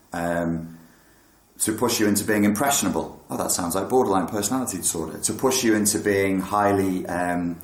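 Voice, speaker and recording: A deep-voiced man speaks bluntly in an echoey room, casually discussing meditation and mental health. He swears and performs his thoughts as if quoting them.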